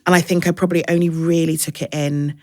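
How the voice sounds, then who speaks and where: A woman, a podcast guest, talking candidly and reflectively, sometimes acting out others in a bright high voice. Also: level tone, quick pace, no room sound, clean studio sound. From England. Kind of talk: candid conversational interview.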